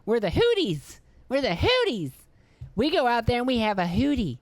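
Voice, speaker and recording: A man putting on a high, sing-song caricature voice for boastful militant men, chanting in mockery. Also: huge pitch swings, normal speed, dry recording, exaggerated voice. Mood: mocking.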